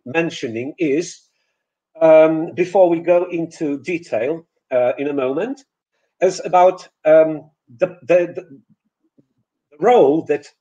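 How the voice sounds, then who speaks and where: A man whose first language is Polish, giving a pronunciation lesson in a webinar, deliberate and hesitant, with fillers and restarts, on a computer mic. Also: fairly high pitch, mellow, poor audio. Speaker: pronunciation teacher. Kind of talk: webinar lecture.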